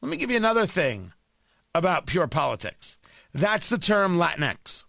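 A man's voice: high voice, sing-song, normal speed, gravelly, sharp tone, dry recording. A man hosting a political commentary show, delivering an opinionated, sarcastic monologue with emphatic repetition.

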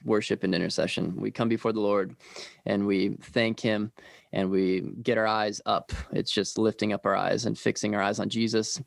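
A Midwestern man with a low, gravelly voice talks quickly and earnestly, dropping fillers as he goes. He is sharing his ministry team's story in a relaxed chat. The recording is dry and close, with no room sound. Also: no echo. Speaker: ministry team leader. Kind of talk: casual conversational storytelling.

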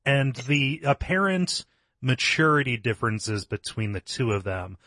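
A man's voice: medium pitch, very animated, measured pace, a bit bright, no echo, studio quality. A man co-hosting a podcast, analysing a video game's story in casual talk, often repeating words as he thinks. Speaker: podcast co-host. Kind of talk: casual video game discussion.

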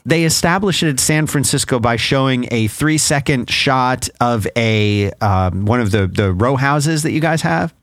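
A man from Philadelphia co-hosting a podcast, speaking at a mid-range pitch in a halting way as he searches for words. It is relaxed conversation on a dry, close mic with no room sound. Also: no echo. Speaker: podcast co-host. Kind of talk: casual chat.

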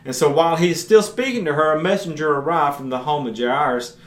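A man's voice: on the high side, fairly quick. A man teaching a Bible passage on his podcast. He retells scripture earnestly in plain everyday words. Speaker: podcast preacher. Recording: roomy echo.

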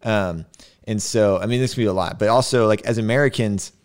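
A man's voice: on the low side, fairly quick, clear, resonant tone. A man hosting a podcast, explaining scripture in casual chat and often checking in with "right?". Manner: emphatic, keeps asking "right?". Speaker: podcast host teaching scripture.

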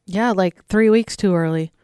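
A woman's voice: mid-range voice, moderate pace, a little mellow, smooth, no echo, studio quality. A woman co-hosting a radio show, chatting casually in a rambling, self-deprecating way. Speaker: radio co-host. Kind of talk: casual morning show banter.

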